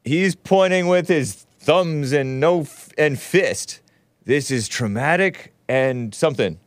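A man's voice: fairly high pitch, animated, takes it slowly, no room sound, studio quality. A man hosting a talk show, commenting on news clips in a sarcastic, mocking way. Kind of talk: casual commentary.

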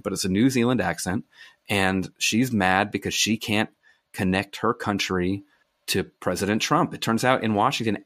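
Deep-ish guy on a podcast, guest author rattling off wild stories, dry close sound. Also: no room sound. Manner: animated storyteller, quick asides and restarts. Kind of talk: conversational podcast interview.

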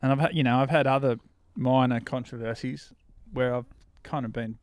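A man's voice: medium pitch, fairly even intonation, moderate pace, no echo, clean studio sound. A man who writes about surfing, chatting as a podcast guest, rambling and laughing at himself as he goes. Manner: rambling, laughing, self-deprecating. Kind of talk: casual interview chat.

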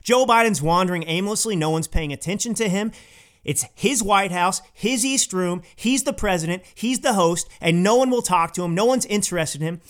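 A man's voice: high-pitched, moderate pace. A male podcast host delivering an emphatic, indignant political opinion monologue, repeating points for stress.

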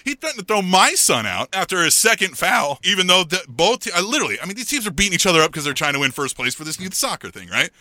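A middle-aged man co-hosting a podcast, telling a story in animated, chatty fashion and acting out the other people in it. His voice is very bright and fairly high for a man, and his pitch swings widely. The sound is close and dry. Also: quick pace, few pauses, no room sound. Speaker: podcast co-host. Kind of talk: casual chat.

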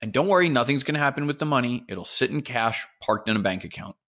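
Smooth scheming money man, as a man puts him on, calm and confiding. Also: medium pitch, fast talker. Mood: reassuring. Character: smooth scheming male financier, calm and reassuring.

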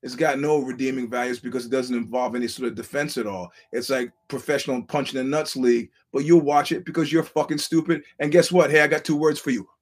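A man's voice: mid-range voice, fairly even intonation, quick pace, few pauses, natural voice. A man voicing an arrogant, swaggering male sports promoter who taunts and swears. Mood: sneering. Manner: sneering, taunting, profane.

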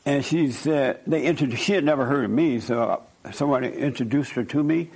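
A man with a gravelly, creaky voice telling stories from his counseling work. He talks casually and emphatically, repeats his points, and acts out both sides of each conversation. His pitch sits in an ordinary middle range. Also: brisk, darkish tone, low-quality recording. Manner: emphatic, repetitive, quotes himself and others in dialogue. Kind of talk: informal storytelling talk.

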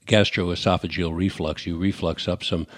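An older man with a New York accent hosts a radio call-in show. He talks in a loose, conversational way, full of fillers and false starts. His voice sits on the low side and sounds dry and close to the mic. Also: fairly even intonation, moderate pace, no room sound. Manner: conversational, with many fillers and restarts. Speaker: radio talk show host. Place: radio studio.

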